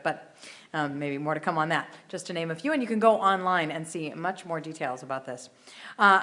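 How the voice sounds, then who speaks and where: A woman's voice: on the low side, a bit bright. A woman hosting a conference, reading a prepared introduction of the next speaker with a few light asides. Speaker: conference host.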